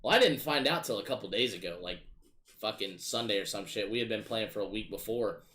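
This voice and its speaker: A man casually telling gaming stories in a profane, animated, exasperated way. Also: on the low side, brisk. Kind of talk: casual storytelling chat.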